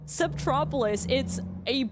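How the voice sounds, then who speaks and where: A woman's voice: high voice, unhurried, over loud music. A woman streamer chatting casually with her live viewers, bubbly and effusive, laughing often.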